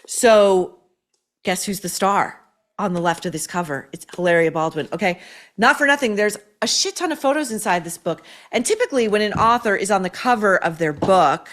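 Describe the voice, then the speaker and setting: A woman's voice: mid-range voice, expressive, moderate pace, fairly bright tone. A woman hosting a commentary show, scathing and sarcastic as she tears into her subject. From United States. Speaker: host. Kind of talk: opinionated commentary.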